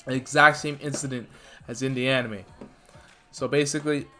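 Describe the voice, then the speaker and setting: A man's voice: mid-range voice, fairly even intonation, moderate pace, bright, forceful tone, soft background music. A man casually narrating a made-up fan story, rambling along with lots of "you know" fillers.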